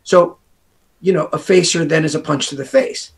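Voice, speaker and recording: A man's voice: fairly high pitch, moderate pace, gravelly. An American man, a guest author, talking casually in an interview in a rambling way, full of asides. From United States.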